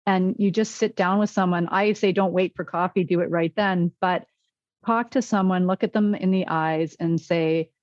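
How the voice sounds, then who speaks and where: A woman's voice: lowish voice, fairly even intonation, normal speed, a little mellow, no echo, dull audio. A woman physician and wellness coach in a podcast interview, telling stories and acting out quoted dialogue.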